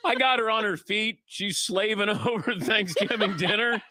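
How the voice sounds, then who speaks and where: A man's voice: high voice, normal speed, pushed and bright, slight background noise. A middle-aged man hosting a sports talk radio show, chatting casually and telling anecdotes, acting out the voices of people he quotes. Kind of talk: casual on-air chat and storytelling.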